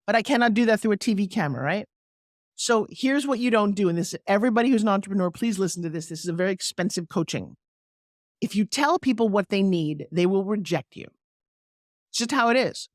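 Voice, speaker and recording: A middle-aged woman, a sales coach, talking energetically in an interview and slipping into persuasive pitching, with acted-out quotes. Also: no echo, studio quality. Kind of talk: energetic interview talk with live product pitch.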